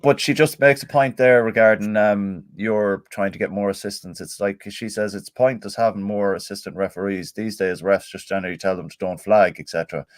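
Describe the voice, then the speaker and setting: A man's voice: lowish voice, steady tone, a little fast, hardly any pauses, dry recording, studio quality. A man co-hosting a casual football podcast, chatting and reading out listener messages. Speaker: podcast co-host.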